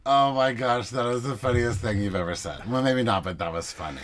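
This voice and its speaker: A man co-hosting a podcast, giving a sarcastic, animated recap in casual chat. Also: medium pitch, a little fast, slight background noise. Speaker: podcast co-host.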